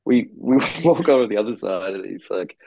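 A man's voice: fairly low pitch, lively intonation, brisk, warm tone, no room sound. A man in casual podcast chat, telling long rambling anecdotes with casual swearing. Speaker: brewery co-founder guest.

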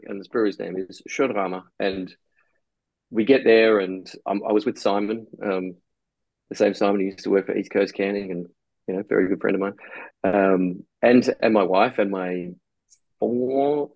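Gravelly, husky man telling stories. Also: fairly low pitch, normal speed, no echo, muffled recording. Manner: rambling anecdotes with casual swearing. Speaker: brewery co-founder guest. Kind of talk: casual podcast storytelling.

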